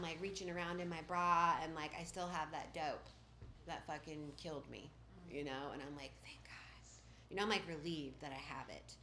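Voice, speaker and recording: A woman's voice: low-pitched, pushed and bright, slight background noise. A woman giving a candid personal recovery testimony in a casual, rambling way, full of "like" and "you know.". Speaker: speaker at a recovery meeting. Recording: roomy echoing room.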